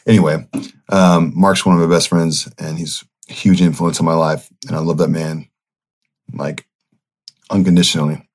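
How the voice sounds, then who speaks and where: Deep-voiced man telling a candid story. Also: flat delivery, brisk. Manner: candid, swears freely, trails into restarts. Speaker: podcast host. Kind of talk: casual storytelling monologue.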